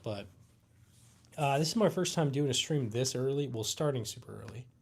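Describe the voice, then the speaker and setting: An American man hosts a live Q&A stream at an ordinary middle pitch, his voice a little mellow with a breathy edge. He sounds tired and yawns between thoughts, speaking in a laid-back, halting way full of fillers and restarts.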